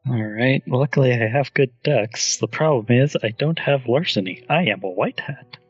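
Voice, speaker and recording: A man's voice: medium pitch, moderate pace, slightly rough, no room sound, highs cut off, faint music behind. A man playing a tabletop game in a jokey, playful way. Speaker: player. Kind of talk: casual tabletop play.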